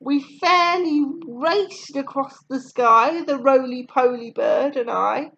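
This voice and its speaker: Slow, expressive woman reading rhymes. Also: high voice, gravelly, highs cut off. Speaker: storyteller. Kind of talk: reading rhyming poems aloud.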